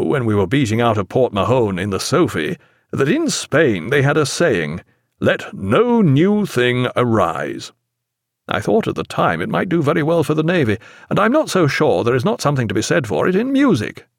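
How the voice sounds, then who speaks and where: A man voicing a jovial, hearty sailing-ship captain who talks with booming, old-fashioned enthusiasm. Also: sing-song, normal speed, no echo, studio quality. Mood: reminiscing. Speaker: ship's captain.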